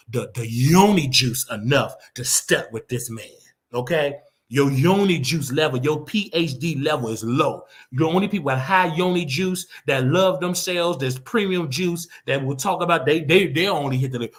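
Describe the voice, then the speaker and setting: Man, host, brash, mocking, trash-talking, casual commentary, mid pitch. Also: a bit bright.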